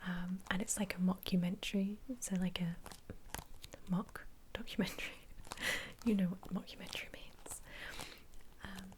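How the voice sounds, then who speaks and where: A young woman, an ASMR creator, whispering casually about her favourite films, giggling often and pausing on ums. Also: lowish voice, level tone, darkish tone. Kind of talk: whispered ASMR film chat.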